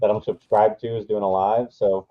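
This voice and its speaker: A man's voice: on the low side, level tone, normal speed, phone-quality sound. A man from Nebraska joining a live stream, talking hesitantly with a lot of ums. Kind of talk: casual chat. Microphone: weak stream mic.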